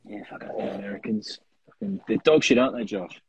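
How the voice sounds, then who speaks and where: A man's voice: fairly low pitch, a little fast, muffled recording, a little hiss or hum. A man co-hosting a casual podcast chat, joking crudely with lots of swearing and mock outrage. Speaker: podcast co-host.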